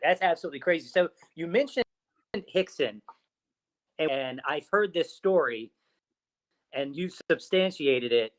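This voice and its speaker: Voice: mid-range voice, animated, unhurried, long pauses, dry recording. A podcast host reacting with amazement and asking the guest a question. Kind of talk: interview questions.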